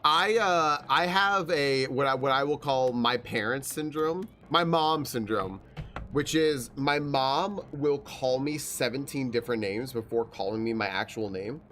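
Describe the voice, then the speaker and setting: A man's voice: mid-range voice, a little slow, a bit bright, a little hiss or hum. A man streaming a video game from home, chatting casually and telling stories, rambling, swearing freely and laughing often. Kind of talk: casual gameplay chat with storytelling.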